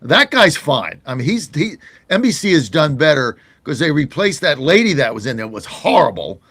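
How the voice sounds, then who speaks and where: Animated gravelly-voiced American man. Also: on the high side, moderate pace, dry recording. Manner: animated, laughing, indignant. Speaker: talk show host. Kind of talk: casual political talk.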